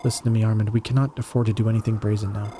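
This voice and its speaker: A man's voice: on the low side, little pitch movement, rapid-fire, mellow, slight background noise, natural voice. A man voicing an anxious young noblewoman who pleads with her lord to be careful. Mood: pleading. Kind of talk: fan audio drama acting.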